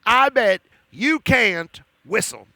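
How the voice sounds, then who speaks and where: Cheeky clever kid, bold dares, very high bright voice, as a man puts him on. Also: animated, slow, vocal fry, slight background noise, heavily acted. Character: clever young boy challenging a giant. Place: outdoor park stage at a live family show.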